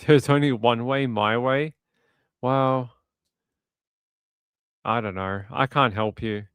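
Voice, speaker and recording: Australian man, livestream host, relaxed chat, chuckling, clear resonant voice, dry close sound. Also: mid-range voice, slow, no echo. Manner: relaxed, repeats himself, chuckles often. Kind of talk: casual live chat reading viewer comments.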